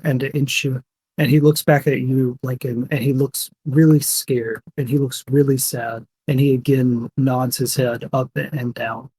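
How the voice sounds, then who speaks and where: A man's voice: mid-range voice, warm tone, breathy edge. A young man running a tabletop game as game master, narrating casually with fillers.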